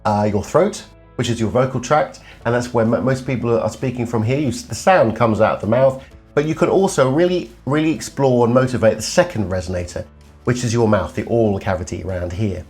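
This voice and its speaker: A man's voice: medium pitch, a little fast, darkish tone, faint music behind. A middle-aged male voice coach teaching vocal exercises, demonstrating hums and sung tones as he explains. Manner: demonstrative, hums and sings examples.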